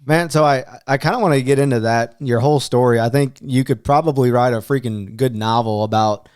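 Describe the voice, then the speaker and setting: A man's voice: mid-range voice, brisk, darkish tone, clean tone, no echo, studio quality. A man co-hosting a podcast, chatting in a laid-back, slangy way and laughing along. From Texas. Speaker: podcast co-host. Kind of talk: casual interview chat.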